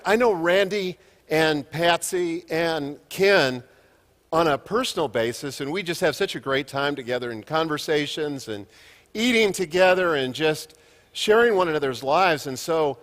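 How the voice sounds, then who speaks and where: A man in his fifties giving a keynote in a big hall, his slightly high voice trailing into a long echo. He tells stories with a light, self-mocking humor. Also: fairly bright tone. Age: 50s. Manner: jokey storytelling with self-deprecating humor. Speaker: keynote speaker. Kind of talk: conference keynote. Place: conference hall.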